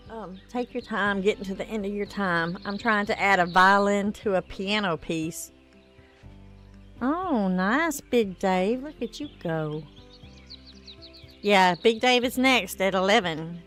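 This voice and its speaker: A woman's voice: medium pitch, animated, measured pace, fairly bright tone, faint music behind. A tired woman streaming a game, chatting casually and reading viewer comments aloud. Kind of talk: casual gameplay stream chat.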